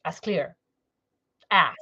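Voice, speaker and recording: A woman's voice: extremely slow, bright, forceful tone, highs cut off. A woman livestreamer chatting casually, rambling and cutting herself off, with frequent laughs. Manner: rambling, self-interrupting, laughs often.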